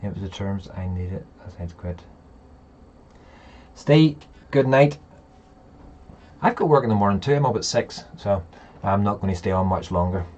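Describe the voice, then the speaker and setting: A man's voice: lowish voice, moderate pace, long pauses, darkish tone, dull audio, slight background noise. A man hosting a casual live chat, rambling and talking straight to his viewers. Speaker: livestream host.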